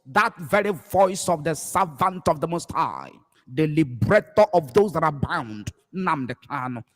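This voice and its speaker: Fervent Nigerian pastor, high voice. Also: male voice, animated, measured pace, long reverb tail. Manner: emphatic, repeats phrases, swings from loud cries to hushed low words. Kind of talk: impassioned preaching livestream.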